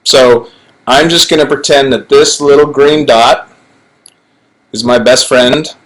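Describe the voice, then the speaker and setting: A middle-aged actor chatting alone to a webcam during a fan Q&A, playful and rambling with self-mocking asides, recorded on low-quality livestream audio. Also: male voice, fairly even intonation, slow. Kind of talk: casual chat to webcam. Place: home, alone in front of a camera.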